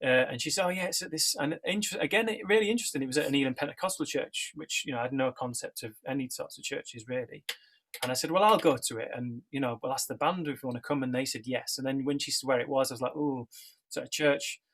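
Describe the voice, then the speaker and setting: Middle-aged guy rambling through his story, lots of ums and restarts, ordinary pitch. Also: fast talker, a bit bright. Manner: chatty, rambling, with many fillers and restarts. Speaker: church member sharing his story. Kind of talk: casual personal testimony.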